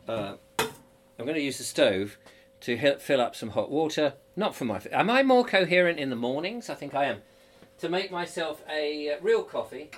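A man's voice: fairly high pitch, animated, normal speed, slight background noise. A middle-aged man in a casual audio diary, rambling and chatty while he potters in his kitchen. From England. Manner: rambling, chatty, self-amused. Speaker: podcast host. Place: home kitchen by a stove.

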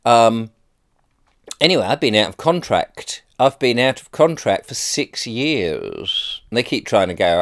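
A man's voice: mid-range voice, sing-song, measured pace, a bit bright. A middle-aged man with an English accent, talking to camera in a chatty, rambling and self-deprecating way. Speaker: vlogger. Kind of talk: casual monologue vlog.

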